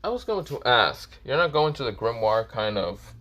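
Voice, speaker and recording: A man voicing a blunt, tough young male fighter who talks gruffly and swears offhandedly. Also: mid-range voice, sing-song, normal speed, sharp tone.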